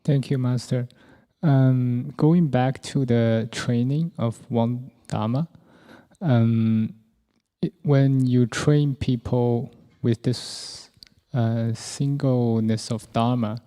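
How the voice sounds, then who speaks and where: Man, student, polite hesitant question, slow, very dark mellow tone, long hall reverb. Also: medium pitch, fairly even intonation. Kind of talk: questioning the teacher.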